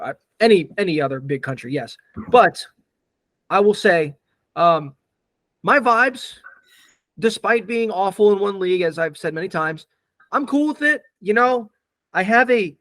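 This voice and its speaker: A man with a notably high voice co-hosts a laid-back podcast chat. He hams it up in a put-on Italian-American New York accent, playing a jokey wise-guy bit. The sound is dry and close. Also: fairly bright tone, no echo. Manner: jokey, hamming up a mobster-agent bit. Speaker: podcast co-host.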